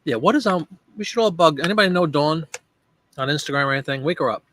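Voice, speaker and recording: A man's voice: a little high, lively intonation, quick pace, fairly bright tone, a little hiss or hum. A man hosting a casual live stream, thinking aloud as he works and chatting with viewers by name. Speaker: live-stream host and online seller.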